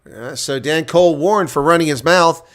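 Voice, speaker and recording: A man giving live reaction play-by-play commentary on a rugby match, getting loud on big plays and dropping to quiet asides. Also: on the high side, moderate pace.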